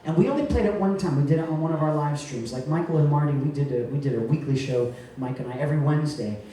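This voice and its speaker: A man's voice: on the high side, fast talker. Distant echoey man telling a story on stage. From Rhode Island. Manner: chatty and joking, trailing into soft tender moments. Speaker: cabaret singer presenting an award. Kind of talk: live stage speech to an audience. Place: cabaret venue stage. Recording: echoey room heard from a distance.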